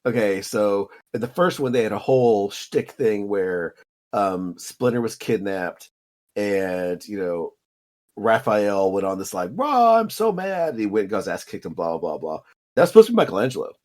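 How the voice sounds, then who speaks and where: Rambling man with a lowish voice. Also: animated, normal speed, a little mellow. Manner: rambling, filler-heavy. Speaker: podcast co-host. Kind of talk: casual chat.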